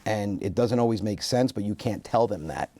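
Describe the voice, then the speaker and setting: Animated male comedian telling stories. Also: fairly low pitch, moderate pace, no room sound. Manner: animated, self-deprecating storyteller with frequent restarts. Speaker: guest comedian. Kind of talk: casual storytelling interview.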